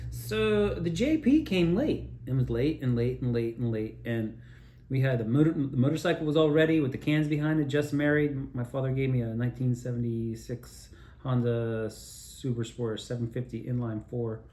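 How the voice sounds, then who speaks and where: A man's voice: mid-range voice, normal speed, dark tone. Rambling man telling wild stories, roomy echo. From Altoona area, Pennsylvania. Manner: loose, digressive, swearing, laughing at own stories. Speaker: storyteller. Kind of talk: rambling personal storytelling.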